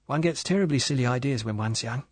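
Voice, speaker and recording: A man voicing a timid, lonely young wife from England, speaking softly with a strained eagerness. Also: mid-range voice, fairly quick, no room sound, voice pushed up, lightly acted. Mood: soft wistful.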